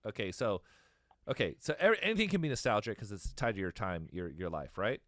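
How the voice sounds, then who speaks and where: A man's voice: fairly low pitch, wildly swooping pitch, fairly bright tone, no room sound, studio quality. A man in his thirties in casual chat as a podcast host, rambling, swearing and laughing easily. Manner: rambling, profane, quick to laugh.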